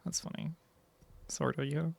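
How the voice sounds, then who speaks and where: This livestreamer chats casually and rambles, packing in "like" fillers while reading viewer messages aloud. He speaks at a moderate pace in a fairly high voice with fairly even intonation, vocal fry, and a darkish tone, with no room sound.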